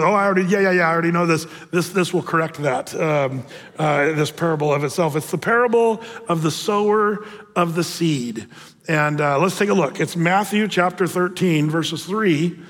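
A man preaching a sermon as a pastor, speaking conversationally with frequent fillers and restarts, and slowing down when he reads scripture. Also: fairly high pitch, a bit bright, big-room sound. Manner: conversational, with many fillers and repeated starts; slows down for scripture reading. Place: church sanctuary.

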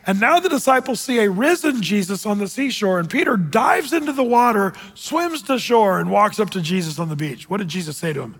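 A male pastor preaching a sermon in a church, telling stories dramatically and dropping from loud to hushed. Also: high voice, expressive, fairly quick, hardly any pauses. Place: church sanctuary with congregation. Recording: long reverb in a large hall.

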